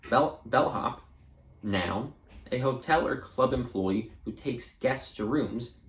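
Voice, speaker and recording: A man reading dictionary entries aloud for an audiobook, measured and deliberate, sometimes restarting a word. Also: medium pitch, reverberant. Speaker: audiobook reader.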